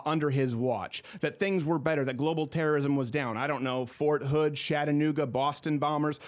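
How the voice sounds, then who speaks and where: A man hosting a political talk show, giving opinionated commentary in a sarcastic, mocking way. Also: on the high side. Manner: sarcastic, mocking, animated delivery.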